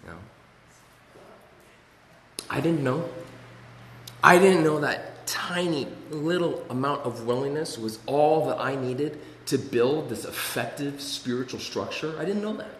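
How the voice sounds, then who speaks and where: Man, storytelling, self-mocking, rambling, slightly high voice, echoey hall heard from a distance. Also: a little slow, a bit bright, slight background noise. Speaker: speaker sharing his recovery story. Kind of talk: storytelling talk to an audience.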